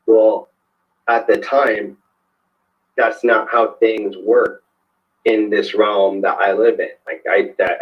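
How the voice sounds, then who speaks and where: A man, a podcast guest, telling a personal story in a conversational way, hesitant, with many fillers and restarts. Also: on the low side. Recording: dull lo-fi sound.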